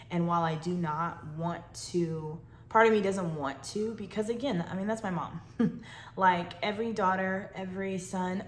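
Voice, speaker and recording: A woman hosting a faith podcast, talking about personal pain, reflective and close to tears at times. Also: lowish voice. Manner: emotional, fighting tears, reflective. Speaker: podcast host. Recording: echoey room with faint noise.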